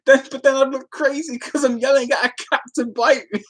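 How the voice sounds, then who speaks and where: A woman's voice: high voice, fairly quick. An Irish woman chatting casually on a live stream, giggling and breaking into frequent fits of laughter.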